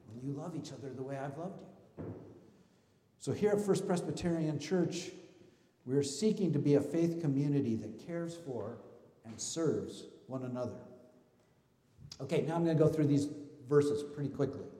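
A man preaching a sermon as pastor of his church, talking in a relaxed conversational way with asides and rhetorical questions. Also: fairly high pitch. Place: church sanctuary. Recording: roomy hall reverb.

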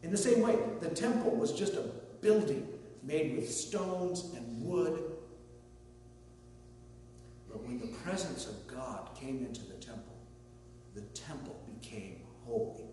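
A male pastor delivers a sermon in an easygoing, conversational way, with story asides and a bit of humor, at a middling pitch. He is picked up from some distance in a very echoey hall with a long reverb tail. A faint hum sits under his voice. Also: expressive, unhurried, long pauses, dark tone.

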